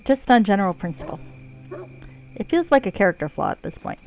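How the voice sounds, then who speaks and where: A woman's voice: mid-range voice, very animated, a little fast, a little hiss or hum. Playful, swearing woman streaming a game. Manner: playful, joking, swears freely. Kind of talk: casual gameplay commentary.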